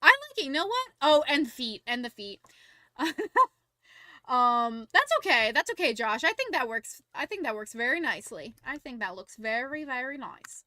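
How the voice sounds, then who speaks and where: Bright high-voiced woman streamer. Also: normal speed, no echo, clean studio sound. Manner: rambling, animated storytelling with many fillers. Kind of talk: casual livestream chat and visual novel read-along.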